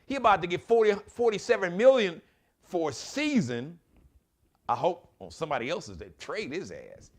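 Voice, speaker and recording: A man's voice: high voice, big pitch swings, normal speed. A man hosting his own live commentary show, talking in an impassioned, preachy way and urging his listeners directly. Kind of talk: opinionated solo commentary.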